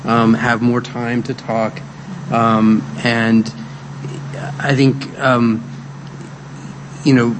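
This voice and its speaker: A man giving closing thanks on a film panel, halting and thoughtful with many pauses and restarts. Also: mid-range voice, level tone. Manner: hesitant, lots of ums and restarts. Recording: noisy room with clear background noise.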